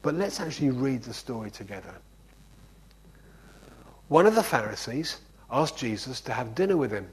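A man's voice: medium pitch, sing-song, moderate pace, pauses often, breathy edge, rough recording. A man preaching an informal sermon in a conversational way, often checking in with "okay?". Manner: conversational, keeps asking "okay?".

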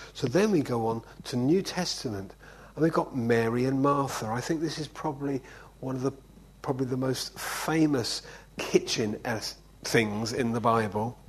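A man's voice: medium pitch, slightly rough, rough recording. A man preaching an informal sermon in a conversational way, often checking in with "okay?". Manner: conversational, keeps asking "okay?".

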